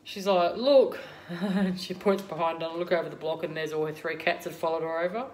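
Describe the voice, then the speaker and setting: An Australian woman chats casually to her viewers from her kitchen, rambling from one thing to the next with plenty of ums. Her voice sits a little low, and soft music plays faintly behind her. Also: flat delivery, fast talker. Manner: chatty and rambling, many ums. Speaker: vlogger. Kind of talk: casual chat to camera.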